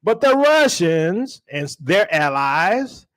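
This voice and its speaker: Animated high-voiced man preaching to listeners. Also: slow pace. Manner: animated, rhetorical questions to the audience; slangy, calls the audience y'all. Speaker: preacher and livestream host. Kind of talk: preaching on a livestream.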